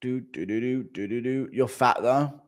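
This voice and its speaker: A man's voice: mid-range voice, normal speed. Male streamer, casual and crude, swears a lot, laughs often. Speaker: streamer reading donations. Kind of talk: casual livestream chat.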